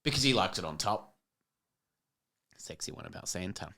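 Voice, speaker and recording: A woman in her thirties banters on a comedy podcast, cracking cheesy puns. Her voice rises and falls a lot, bright with mischief in how she stresses punchlines. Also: very deep voice, expressive, normal speed. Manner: joking, reads corny puns with playful emphasis. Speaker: podcast co-host. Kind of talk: casual comedic podcast chat.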